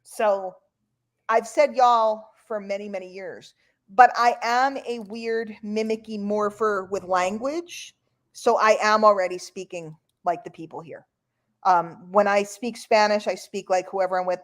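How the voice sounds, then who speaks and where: A woman's voice: mid-range voice, fairly even intonation, unhurried. A woman from New York hosting an online call in casual, rambling chat. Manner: chatty, rambling, playful.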